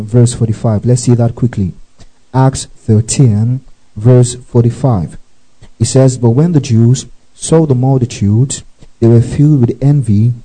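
A man's voice: mid-range voice, warm tone, poor audio. A man preaching a teaching sermon, reading scripture with asides, often asking if listeners follow and breaking into praise exclamations. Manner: reads scripture aloud with asides.

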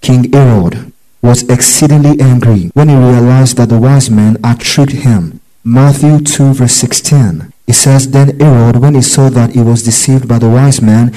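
A man's voice: mid-range voice, a little slow, mellow, rough recording. A man teaching a Bible study, reading verses aloud and telling listeners which words to underline.

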